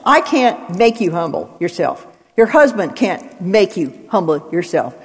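A woman's voice: on the low side, very animated, measured pace, slightly rough. A woman giving an expository Bible teaching, working through numbered points and citing scripture with emphasis. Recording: long hall reverb.

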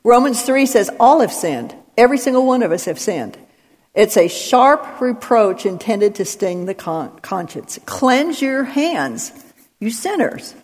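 A woman's voice: medium pitch, animated, unhurried, a little mellow. A woman giving an expository Bible teaching, working through numbered points and citing scripture with emphasis. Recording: long hall reverb.

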